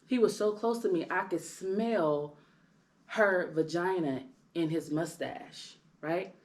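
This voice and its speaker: A woman in her thirties, a podcast co-host, telling a personal story in casual chat, animated and full of tag questions. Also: takes it slowly. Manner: animated, rising loud and high when worked up; tag questions, frequent "right?".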